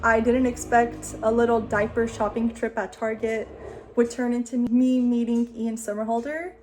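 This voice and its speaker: A woman in her late twenties, a vlogger telling a story to the camera in a chatty, excitable way, saying "like" a lot. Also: a little high, moderate pace, slight background noise. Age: 20s.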